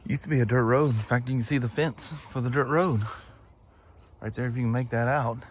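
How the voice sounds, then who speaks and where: A man's voice: medium pitch, steady tone, brisk, slight background noise. A middle-aged man vlogging outdoors on a rural road with a clip-on mic, chatting in a folksy, rambling way. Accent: Pacific Northwest American. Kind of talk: casual vlog chat. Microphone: wireless clip-on mic.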